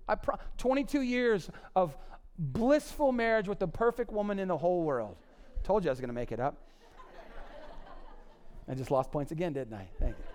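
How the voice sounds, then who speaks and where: A man in his forties preaching on marriage with a high, smooth, resonant voice. He talks conversationally to the congregation, punching some lines loudly and dropping others to a near murmur. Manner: animated, swings between loud emphasis and low quiet asides. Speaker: pastor. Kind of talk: sermon on marriage.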